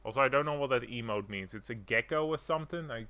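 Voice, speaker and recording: A man's voice: mid-range voice, fast talker, sharp tone. A man streaming a video game live, chatting casually and swearing now and then. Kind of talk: live gameplay commentary.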